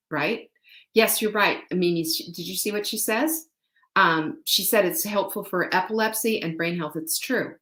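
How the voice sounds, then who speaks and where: A woman's voice: mid-range voice, a bit bright, reverberant. A woman hosting a live-stream product sale, gushing and chatty as she talks straight to her viewers. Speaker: live sales host.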